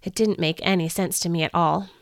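A woman hosting a podcast, reading a first-person story in an earnest, expressive way. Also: on the low side, fairly quick, no room sound, clean studio sound. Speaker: podcast host.

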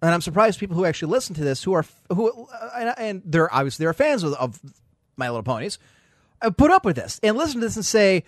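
Fast-talking blunt male podcast host. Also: sits high, sing-song, no echo, studio quality. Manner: blunt, scornful, swears freely. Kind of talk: casual podcast chat.

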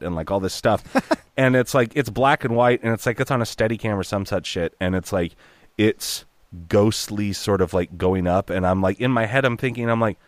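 Animated, profane storyteller, a man. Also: fairly low pitch, normal speed, no echo. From Oregon, US. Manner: animated, profane, jumps into character voices. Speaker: guest voice actor. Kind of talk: casual storytelling.

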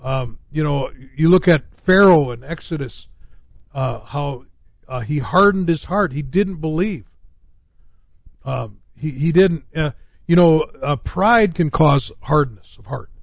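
A middle-aged man preaching in a loose, rambling way, full of fillers and false starts. His voice sits a little high for a man. The sound is dry and close to the mic, with no room echo. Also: takes it slowly. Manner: rambling, many fillers and restarts. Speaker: pastor. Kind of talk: radio talk-show sermon.

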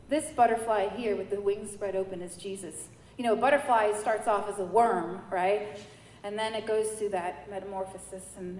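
A woman from New York giving a personal faith testimony, telling her story in a lively way and acting out the dialogue. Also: mid-range voice. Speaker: church member giving testimony. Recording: echoey hall with faint noise.

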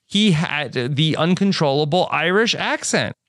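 Male podcast co-host, smooth voice, dry close sound, chatty with fillers. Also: a little high, animated, measured pace, a bit bright, no echo. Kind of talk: casual chat.

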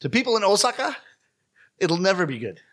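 Man, canadian accent, bright clear tone, slightly high voice, animated self-deprecating storyteller. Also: brisk. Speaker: rakugo performer. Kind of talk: conversational interview.

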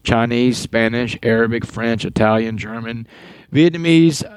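A man, a guest in an interview, telling his story in an animated way and often repeating words as he goes. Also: medium pitch, a little slow, clear, resonant tone, dry recording, poor audio.

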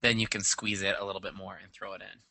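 A man's voice: low-pitched, flat delivery, fast, gravelly, pushed and bright, no echo. A man co-hosting a podcast, chatting casually and rambling with lots of fillers. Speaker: podcast co-host. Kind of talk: casual chat.

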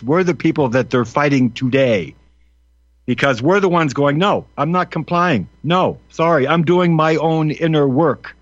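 A man hosting a talk show, speaking earnestly about his own life in a halting way with many fillers. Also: a little high, no room sound, dull audio. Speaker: host. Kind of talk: casual talk show monologue.

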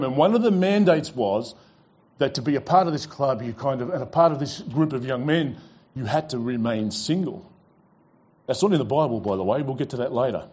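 A man's voice: a little high, a little mellow, breathy edge, highs cut off. A man preaching a sermon as pastor, telling stories with casual fillers and repeated "he goes.".

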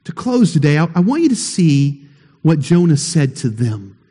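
A man preaching a sermon as pastor, emphatic and building to shouts at the high points. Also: sing-song, moderate pace, husky. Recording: long hall reverb.

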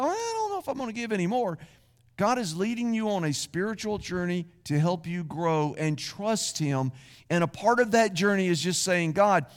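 High-voiced pastor preaching in a reverberant hall. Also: male voice. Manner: conversational preaching with acted asides. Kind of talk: sermon. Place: church sanctuary.

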